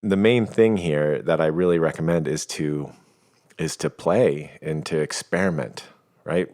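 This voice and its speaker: Man, extremely low voice, calm, playful, explaining things on a podcast. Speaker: guest, coach. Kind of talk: reflective conversation.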